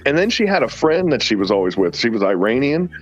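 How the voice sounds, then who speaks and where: A man's voice: mid-range voice, sing-song, quick pace, highs cut off. Drawling man telling rambling stories. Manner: rambling storyteller, drawling, says "man" often. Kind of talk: casual banter.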